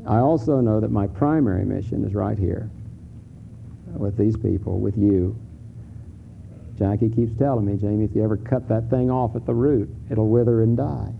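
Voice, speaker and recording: A middle-aged man preaching to his congregation in a church sanctuary, candid and conversational, with frequent restarts and sudden emphatic climbs. His voice has a gravelly edge. The recording is thin and phone-like, with a faint hiss underneath. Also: fairly low pitch, steady tone, moderate pace. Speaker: pastor. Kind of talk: sermon.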